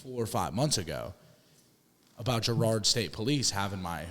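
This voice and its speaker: A young man with a lowish voice tells a long story, rambling and restarting and swearing freely. His voice rings in a reverberant room, the way a casual podcast sounds. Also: animated, normal speed, fairly bright tone. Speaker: podcast co-host.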